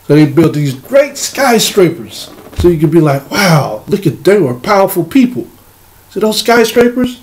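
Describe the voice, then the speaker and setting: A man teaching a religious lesson. He reads verses slowly and then explains them in loose, casual speech. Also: on the high side, darkish tone. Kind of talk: scripture reading with commentary.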